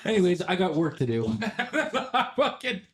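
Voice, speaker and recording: Casting note: young guy on a podcast, a bit higher voice, rambling swear-heavy story with lots of laughs. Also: big pitch swings, a little slow. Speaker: podcast co-host. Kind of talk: casual chat storytelling.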